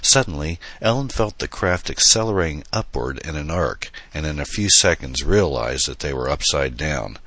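A man reading a science fiction novel aloud in an even, measured storytelling voice. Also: very deep voice, dry recording. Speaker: audiobook narrator. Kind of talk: scripted narration.

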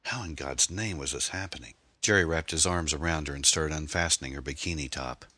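A man narrating a novel in a measured, steady storytelling manner. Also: very deep voice, no echo. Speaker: audiobook narrator.

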